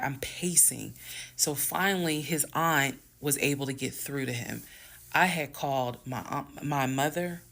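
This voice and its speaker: Woman with a gravelly, creaky voice for a storytime vlog; casual, speaks straight to viewers, heated and emphatic. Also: a bass voice. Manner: emphatic, swings loud and fast when heated; addresses viewers as "y'all". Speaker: storyteller recounting her marriage.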